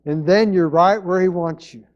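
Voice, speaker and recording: Man, pastor, earnest sermon, repeats phrases, somewhat high voice, muffled lo-fi sound. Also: moderate pace.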